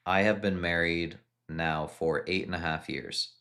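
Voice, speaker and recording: A man with a very deep voice reads viewer questions off a live chat and answers each one in turn. He talks in a loose, unhurried way, often stopping and restarting a sentence before he gets it out. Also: steady tone, bright, forceful tone. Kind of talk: casual live-stream chat.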